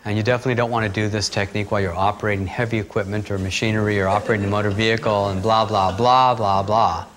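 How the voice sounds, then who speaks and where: A man teaching breathing techniques, talking calmly and steadily through guided instructions. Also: on the low side, very fast, few pauses. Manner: calm, steady instructional talk with asides.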